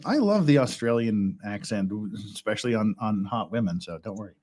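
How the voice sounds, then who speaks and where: A man's voice: lowish voice, expressive, a little fast, a little mellow. A man hosting a casual livestream, rambling and chuckling as he builds Lego and counts pieces aloud. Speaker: stream host.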